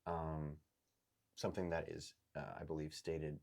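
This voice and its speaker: Male game master, very low voice, rambling and hesitant delivery. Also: completely flat delivery, vocal fry, a little mellow. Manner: halting, full of ums and likes. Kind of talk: narrating a tabletop game.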